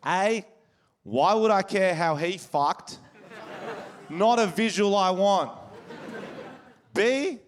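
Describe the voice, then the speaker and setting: A man's voice: high-pitched, slow pace, pauses often. A man with an Australian accent doing crude, brash stand-up comedy and crowd work on a stage before a live audience. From Wollongong, Australia. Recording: live show with audience noise.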